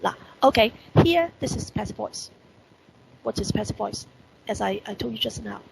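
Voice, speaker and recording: Gravelly Hong Kong teacher woman. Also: medium pitch, lively intonation, moderate pace, slight background noise, rough recording. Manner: repeats rhetorical questions, stresses key words. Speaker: English teacher. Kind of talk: online lesson explaining report writing. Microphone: computer mic on video call.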